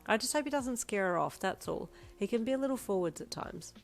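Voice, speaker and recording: A woman's voice: medium pitch, expressive, brisk, gravelly, faint music behind, voice pushed up. Woman voicing a cheeky schoolgirl. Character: teenage schoolgirl, cheeky and lively.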